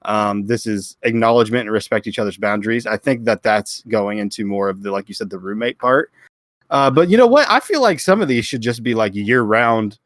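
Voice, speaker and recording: A man's voice: lowish voice, lively intonation, fairly quick, fairly bright tone, no room sound. Young guy cohosting a podcast, jokey storyteller, dry close sound. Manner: joking storyteller, acts out quotes. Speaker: podcast co-host. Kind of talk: casual chat.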